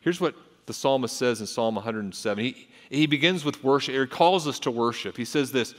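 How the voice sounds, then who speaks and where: A mid-pitched man preaches a sermon in earnest, often repeating and restarting his words. His pitch and force climb when he reads scripture aloud. His voice rings out with the long reverb of a church hall. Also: fairly quick, hardly any pauses. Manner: earnest, with frequent repetitions and restarts. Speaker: pastor.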